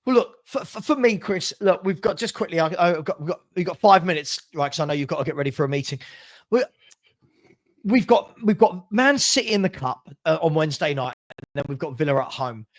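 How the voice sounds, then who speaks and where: A man's voice: on the high side, lively intonation, brisk. A man hosting a fan channel, ranting passionately about his football club in heated chat and stumbling over repeated words. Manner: passionate ranting, repeats himself, laughs often.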